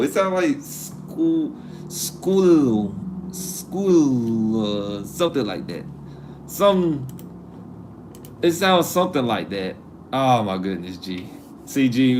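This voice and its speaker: With slight background noise behind him, a man with a lowish voice runs a casual live stream, kidding around with chat in a laid-back way and poking fun at himself.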